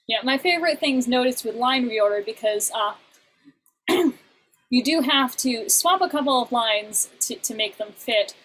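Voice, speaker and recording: A woman's voice: a little high, fairly bright tone, low-quality recording. A young adult woman teaching an online songwriting class in a chatty way, with many fillers and restarts.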